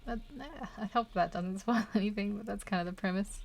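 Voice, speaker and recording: A woman's voice: mid-range voice, a little fast, vocal fry, a little mellow. A woman chatting casually while she draws, thinking aloud and hesitant, with frequent little laughs. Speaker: artist streaming a drawing session. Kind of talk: casual chat while drawing.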